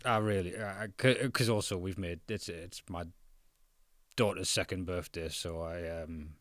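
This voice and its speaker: A man's voice: low voice, steady tone, moderate pace, fairly bright tone, no echo, studio quality. A man co-hosting a football podcast, jokey and rambling, often laughing mid-sentence. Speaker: podcast co-host. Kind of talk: casual football chat.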